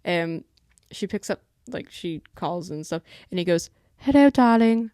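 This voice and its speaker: A young woman in her twenties chats loosely and rambles on a solo podcast, her voice sitting a little low. The sound is close and dry, with no room echo. She often stops to scold a pet at home. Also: fairly even intonation, measured pace. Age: 20s. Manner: chatty, rambling, talks to her pet between thoughts. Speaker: podcast host. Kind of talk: casual solo podcast chat.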